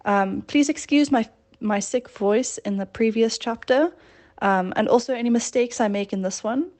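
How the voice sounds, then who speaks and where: A woman's voice: a little high, moderate pace, a little mellow. A woman reading a classic story aloud in a plain conversational way, correcting her slips as she goes. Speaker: reader.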